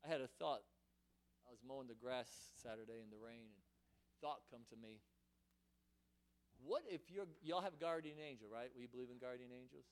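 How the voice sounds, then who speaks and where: A man's voice: mid-range voice, normal speed, long pauses. A man preaching a fervent sermon in church, often repeating and restarting his words as he presses his point. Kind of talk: impassioned sermon.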